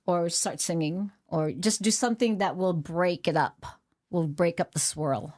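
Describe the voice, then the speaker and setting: A woman's voice: lowish voice, measured pace, a little mellow, no room sound. Earnest middle-aged woman, dry sound. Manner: earnest, reflective, with many fillers and restarts. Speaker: podcast guest, author. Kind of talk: candid conversational interview.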